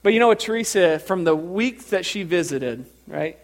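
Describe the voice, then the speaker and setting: High-voiced pastor preaching an animated sermon. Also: male voice, moderate pace. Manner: animated storytelling, repeats words as he builds up. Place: church.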